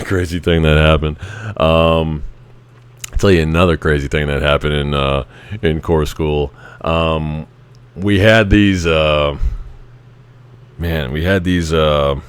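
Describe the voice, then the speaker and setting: A man's voice: extremely low pitch, clear, resonant tone, no echo. A man in his thirties, a Navy veteran, telling casual stories about his service in a rambling, chuckling way with many restarts. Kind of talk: casual anecdotal storytelling.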